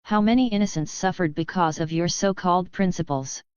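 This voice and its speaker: A woman's voice: fairly low pitch, brisk, smooth, no echo, dull audio, close to an everyday voice. A woman reading the part of a scornful spirit that lives inside a sword, with a sneering manner.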